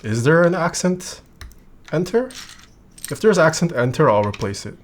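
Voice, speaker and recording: In a relaxed livestream chat, a streamer with a mid-range voice reads viewers' questions aloud and answers offhandedly at a normal speed. The voice often goes quiet while typing.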